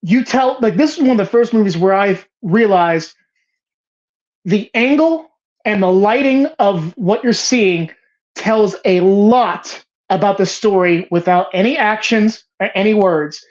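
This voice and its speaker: A woman's voice: medium pitch, measured pace, a little mellow. A woman hosting a casual movie show, talking passionately with frequent swearing and restarts. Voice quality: emphatic, profane, rambling with restarts. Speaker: host of a movie bracket show. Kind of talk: casual, passionate film talk. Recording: slightly dull lo-fi sound.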